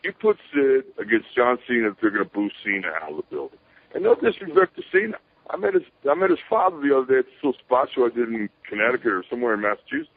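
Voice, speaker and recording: A man's voice: mid-range voice, big pitch swings, quick pace, no echo. A man telling rambling stories as an interview guest, swearing casually and acting out voices he quotes. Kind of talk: rambling storytelling. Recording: tinny phone line.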